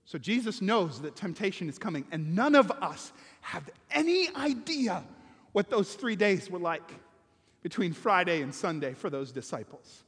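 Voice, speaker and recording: High-voiced pastor preaching in an echoey hall. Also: male voice, big pitch swings, normal speed, slightly rough. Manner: emphatic, swings between loud stressed words and hushed quiet passages. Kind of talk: sermon.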